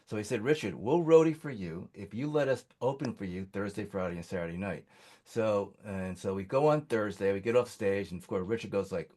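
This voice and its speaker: A man's voice: lowish voice, a little fast, warm tone. A man on a music industry panel telling a long story in a casual, rambling way, full of fillers and restarts.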